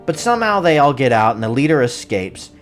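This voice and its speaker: Rambling movie reviewer, jokey, laughs a lot, voice jumps all over, soft music underneath. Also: mid-range voice, very animated, a little fast. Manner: rambling and joking, laughs often. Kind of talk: casual spoiler-filled recap.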